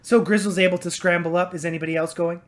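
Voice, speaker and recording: A woman running a tabletop game as game master, narrating in a relaxed way with fillers. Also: on the low side, fast talker.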